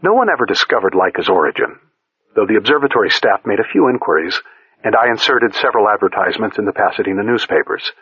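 A man narrating a first-person short story in a measured, deliberate reading voice, on a dull lo-fi recording. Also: lowish voice, lively intonation, husky, no room sound. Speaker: audiobook narrator.

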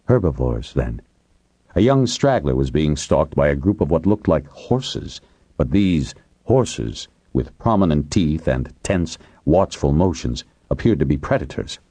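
A man narrating an audiobook in a measured, deliberate way, drawing out phrases. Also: a bass voice, sing-song, mellow, slightly rough, dry recording.

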